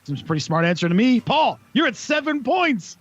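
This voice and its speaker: A man's voice: very high-pitched, very animated, fairly quick, a bit bright. A Welsh man hosting a podcast quiz game, teasing the other players in casual banter. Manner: teasing, playful quizmaster. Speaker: podcast host running a quiz. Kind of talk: casual live stream banter. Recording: dull lo-fi live stream rip with faint noise.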